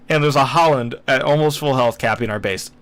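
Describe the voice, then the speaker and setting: A man's voice: medium pitch, moderate pace, a bit bright. A young man casually commenting on a replay of his own naval battle game, chatty and self-deprecating, acting out what he was thinking at the time. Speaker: gameplay commentator.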